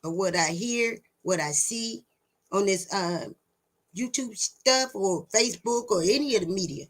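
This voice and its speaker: A woman's voice: medium pitch, unhurried. A woman delivering a preachy monologue straight to her viewers, blunt and emphatic, swearing, repeating words for stress and taunting them with rhetorical questions. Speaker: self-styled teacher addressing viewers. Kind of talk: preachy direct-to-camera monologue.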